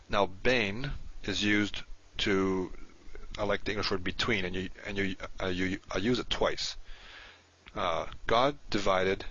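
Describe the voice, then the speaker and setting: A man teaching a recorded lesson, patient and explanatory, slowing down to spell out each word. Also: lowish voice, a bit bright. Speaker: Hebrew teacher. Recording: dull lo-fi recording.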